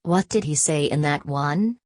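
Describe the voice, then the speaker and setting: A woman's voice: sits low, measured pace, darkish tone. A woman reading an audiobook, voicing a sly, mocking young woman.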